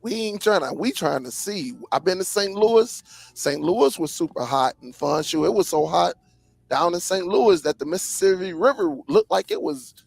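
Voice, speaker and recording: A man hosting a live stream, telling stories in a lively, casual way, stretching words for emphasis. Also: high-pitched, creaky, dry recording. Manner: lively storyteller, drawn-out emphasis, frequent laughs. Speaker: host. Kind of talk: casual chat.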